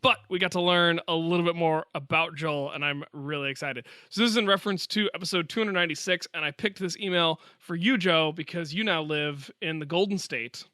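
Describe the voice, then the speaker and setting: A man's voice: a little high, brisk, hardly any pauses, bright, forceful tone, no room sound, studio quality. A man co-hosting a science podcast, reading a listener email aloud in a chatty, joking way. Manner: chatty, jokey, playful asides. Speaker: podcast co-host.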